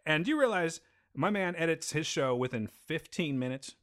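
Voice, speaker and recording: Podcast co-host: male voice, slightly high, expressive, teasing and defensive. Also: moderate pace. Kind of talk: casual podcast chat.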